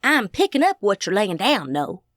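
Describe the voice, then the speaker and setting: A woman's voice: mid-range voice, big pitch swings, normal speed, fairly bright tone, dry recording, studio quality. A woman narrator voicing a lanky, good-natured young country mechanic who talks in a drawling twang.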